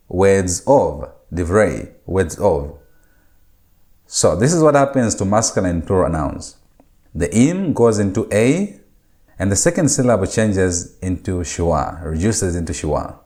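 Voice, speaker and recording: A man's voice: on the low side, darkish tone. Methodical man teaching Hebrew grammar. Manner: methodical, repeats key points and numbers steps. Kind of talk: recorded lecture with slides.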